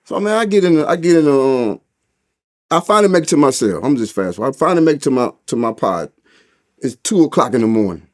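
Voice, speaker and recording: Quick-paced with lively intonation, a mid-range male voice carries a St. Louis accent; the speaker is from St. Louis, USA. He tells his story as an interview guest, cursing heavily and using street slang, and he raises his voice to act out what others said.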